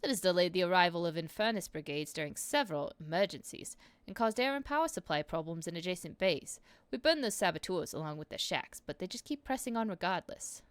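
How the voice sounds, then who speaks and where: A woman's voice: lowish voice, big pitch swings, a little fast, few pauses, smooth, no room sound. A woman voicing a stern male enforcer captain, officious and scornful, reading game dialogue aloud in stiff formal speech.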